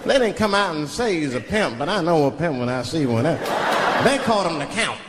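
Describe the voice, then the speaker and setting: A man doing profane, animated stand-up, slipping into voices for his stories, on stage before a live audience. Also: a little high, moderate pace, very noisy. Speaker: comedian. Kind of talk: stand-up comedy. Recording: live hall with loud laughing crowd.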